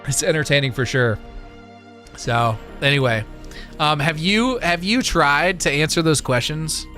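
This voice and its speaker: A man's voice: a little high, a little slow, pushed and bright, faint music behind. A man hosting a live stream in casual chat, easygoing and rambling with lots of fillers. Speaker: livestream host.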